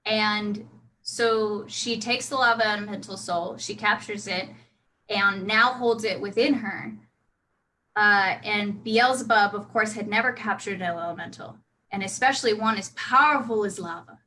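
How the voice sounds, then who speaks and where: A woman's voice: medium pitch, unhurried, pushed and bright, a little hiss or hum, low-quality recording. A woman casually telling her role-play character's backstory, chatty with many restarts. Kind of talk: casual storytelling.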